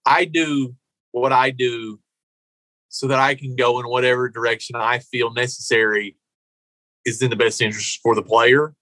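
A man's voice: medium pitch, sharp tone, dry recording, poor audio. A man hosting a podcast conversation, blunt and candid, talking about his coaching.

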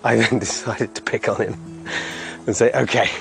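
A man's voice: on the low side, steady tone, moderate pace, gravelly, a bit bright, soft background music. A middle-aged man hosting a community podcast outdoors, walking a hillside road and chatting casually with frequent chuckles.

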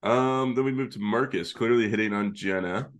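A man's voice: on the low side, normal speed. A man co-hosting a podcast in casual chat, recapping the plot at length with laughs and the odd swear word. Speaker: podcast co-host.

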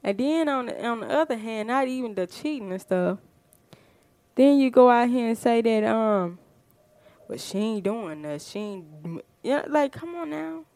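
A fired-up woman holds a casual podcast monologue, emphatic and full of rhetorical questions. Her voice is smooth and resonant. The sound is dry and close. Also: fairly high pitch, normal speed, darkish tone, dry recording. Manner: fired-up, emphatic, frequent "you know what I'm saying". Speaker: podcast host.

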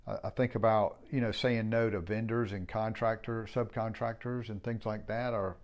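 Low-voiced middle-aged man, frank and rambling. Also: level tone, normal speed, lo-fi sound. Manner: rambling, frank, swears casually. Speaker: home builder, business owner. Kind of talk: casual reflective monologue.

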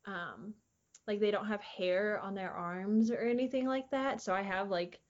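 A woman's voice: mid-range voice, steady tone, measured pace, dull audio. A young woman, a podcast guest telling stories in casual chat, full of fillers and laughter. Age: young adult. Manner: rambling, filler-heavy, laughs often. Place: air-conditioned recording room. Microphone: studio microphone.

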